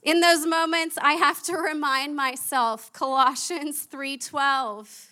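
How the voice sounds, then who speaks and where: Preaching slowly and with few pauses, a young woman with a lilt keeps her sermon animated and chatty, chuckling at herself through her stories. Her voice sits high, bright and forward.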